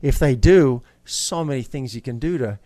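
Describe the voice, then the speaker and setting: A man's voice: medium pitch, moderate pace, warm tone, no room sound. A man guest in an interview, a coach talking casually and telling stories with upbeat energy.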